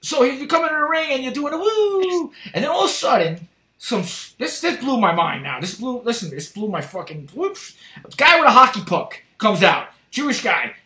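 High, bright-voiced New man. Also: moderate pace, roomy sound. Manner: animated, profane storytelling. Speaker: podcast host. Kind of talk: casual chat.

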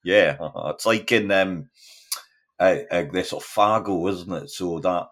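A man's voice: sits low, unhurried, a bit bright. A man speaking as a podcast guest, rambling in casual chat with many restarts.

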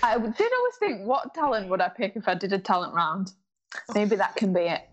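A woman's voice: medium pitch, expressive, fairly quick, muffled recording. A woman co-hosting a podcast, chatting casually and laughing over a video call. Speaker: podcast co-host. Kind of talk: casual chat.

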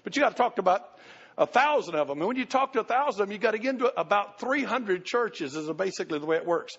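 A man's voice: high-pitched, expressive, quick pace, a bit bright, breathy edge, in a large hall, highs cut off. A middle-aged pastor giving a folksy, conversational sermon, often restarting his sentences.

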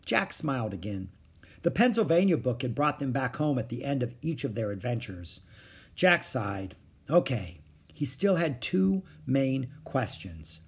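A husky-voiced man reads a children's story aloud at a moderate pitch. His intonation rises and falls expressively across every sentence, keeping the storybook narration lively. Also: a little slow. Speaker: audiobook narrator.

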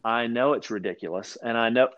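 A man from Louisiana, chatting casually as a guest and telling animated stories, often restarting his sentences and acting out quoted voices. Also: mid-range voice, a little fast, highs cut off. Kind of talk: casual storytelling chat.

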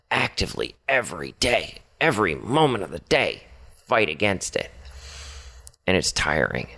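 Deep-voiced man, halting confessional talk. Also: fairly bright tone. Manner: halting, full of fillers and restarts, earnest. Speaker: podcaster speaking to his partner. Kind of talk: personal confessional monologue.

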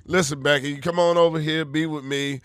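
A man riffing loudly as a comedian guest in casual chat, brash, profane and boastful, from the United States. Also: a little high, fairly even intonation, fairly quick, clean tone, no echo, studio quality.

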